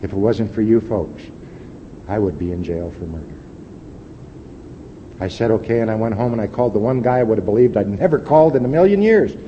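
A man in his fifties sharing a personal testimony at a recovery meeting, earnest and folksy, dropping to a quiet intensity at times. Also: lowish voice, expressive, a little fast, long pauses. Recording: dull lo-fi hall recording with faint hiss.

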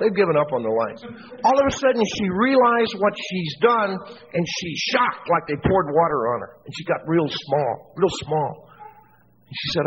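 Man telling a funny story in a hall. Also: high voice. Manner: self-mocking, animated storyteller. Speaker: recovery meeting speaker. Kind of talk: humorous storytelling talk. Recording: dull lo-fi tape in a reverberant hall, faint hiss.

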